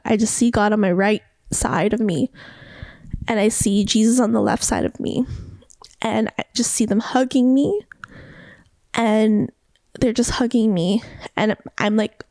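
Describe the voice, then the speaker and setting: A woman's voice: medium pitch, vocal fry, darkish tone, dry recording, clean studio sound. A young woman hosting a podcast, telling a personal story with emotion, often repeating herself and quoting others. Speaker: podcast host.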